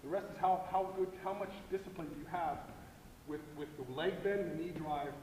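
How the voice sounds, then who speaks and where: A man explains blocking technique at a coaching clinic, driving his points home and pausing for "okay?" His voice sits high for a man. He is recorded from across a large hall with a long, roomy echo. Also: darkish tone. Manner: emphatic, repetitive, frequent "okay?". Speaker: football line coach. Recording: echoey hall, far from mic, noisy.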